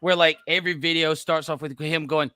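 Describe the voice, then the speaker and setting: A man's voice: on the high side, steady tone, brisk, sharp tone, clear, resonant tone, no room sound, studio quality. A man chatting casually on a podcast, telling stories animatedly and acting out what other people said, often laughing. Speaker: podcast co-host. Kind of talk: casual chat.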